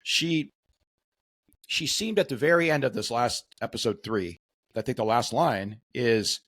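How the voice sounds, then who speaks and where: A man's voice: medium pitch, a bit bright, no room sound. Man in easy podcast chat. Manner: agreeable, quick interjections, hesitant fillers. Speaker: podcast co-host. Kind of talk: casual chat.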